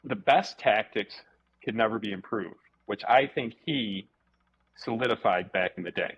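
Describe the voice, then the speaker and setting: Husky guy telling martial arts stories, swears a bit, trips over his words, muffled audio. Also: on the low side, moderate pace. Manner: animated, repeats words, swears casually. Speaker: martial arts instructor and guest. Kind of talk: casual storytelling interview. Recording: dull lo-fi podcast audio.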